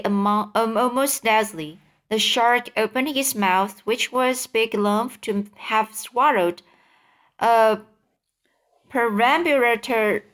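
Slow halting woman reading aloud. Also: on the high side, fairly bright tone. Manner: halting, with slips and self-corrections. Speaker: reader. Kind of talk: reading a children's book aloud.

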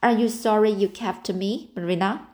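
A woman's voice: medium pitch, steady tone, normal speed, a little mellow, close to an everyday voice. A woman reading the part of a dreamy, talkative orphan girl in an audiobook, in an earnest, romantic and breathless manner.

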